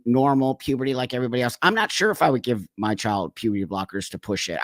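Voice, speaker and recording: A man's voice: mid-range voice, no echo. Guy ranting at a clip, emphatic, repeats himself, pretty dry sound. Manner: emphatic, repeats points, gets heated. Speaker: host reacting to a clip. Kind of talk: reaction commentary.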